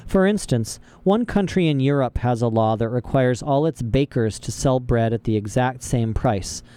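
A man's voice: mid-range voice, normal speed, warm tone, clean tone. A man reading a storybook aloud as narrator, with dry, wry asides. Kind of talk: audiobook narration.

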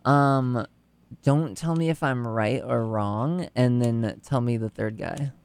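A podcast co-host in casual, playful chat, agreeing readily and tossing in quick asides. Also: medium pitch, a little mellow, no room sound.

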